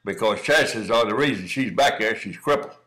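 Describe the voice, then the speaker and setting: A man's voice: on the low side, moderate pace, fairly bright tone, poor audio. A middle-aged man giving folksy, encouraging running commentary on dog training, calling the listener son. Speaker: cowdog breeder commenting on training footage. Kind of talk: casual running commentary over video.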